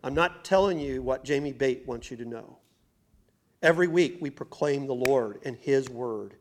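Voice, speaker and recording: A man's voice: mid-range voice, moderate pace. A male pastor preaching a sermon in a church, building to emphatic bursts and speaking straight to the congregation. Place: church sanctuary.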